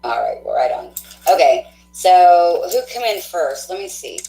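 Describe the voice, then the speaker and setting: A woman hosting a live tarot stream, chatting casually with viewers, effusive and quick to laugh, thinking aloud with fillers. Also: lowish voice, very animated, vocal fry, warm tone, reverberant, poor audio.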